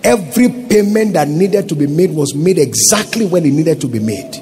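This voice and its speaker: A man with a Nigerian accent, a pastor preaching a sermon with call-and-response questions and swelling to shouts. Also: a little high, animated, moderate pace, husky, faint music behind.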